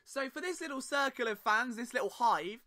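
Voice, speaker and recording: Bright high-voiced British young man. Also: animated, a little fast. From Britain. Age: young adult. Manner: sarcastic, self-mocking, rambling asides. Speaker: podcast host. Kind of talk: casual solo podcast monologue.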